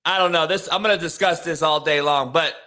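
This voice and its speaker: Bright-voiced profane sports show host. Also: male voice, on the high side, fairly even intonation, brisk. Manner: blunt, profane, opinionated. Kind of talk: casual sports chat.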